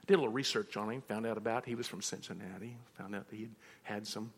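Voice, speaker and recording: A man's voice: on the low side, fairly even intonation, quick pace, gravelly, slightly rough. A man preaching a sermon as a pastor, telling personal stories and acting out both sides of conversations. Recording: reverberant hall.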